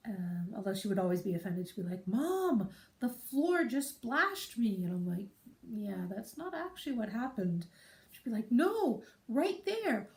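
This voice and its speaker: A woman's voice: mid-range voice, dark tone, roomy sound. A woman hosting her podcast from a room at home, chatting casually in a rambling way and breaking off for side remarks. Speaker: podcast host. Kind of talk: casual chat.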